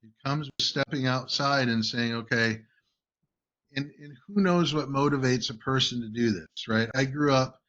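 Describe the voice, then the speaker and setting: Host: man, bright forceful voice, emphatic coaching delivery, dull lo-fi recording. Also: medium pitch, moderate pace. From United States. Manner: emphatic, keeps checking in with "right?". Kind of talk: casual coaching talk. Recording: dull lo-fi audio.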